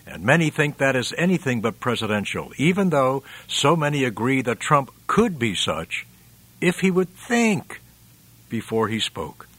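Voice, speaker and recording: A man hosting a commentary program, reading out listener replies in a measured, emphatic way and chuckling often. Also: medium pitch, sing-song, fairly bright tone, no room sound. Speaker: radio commentary host.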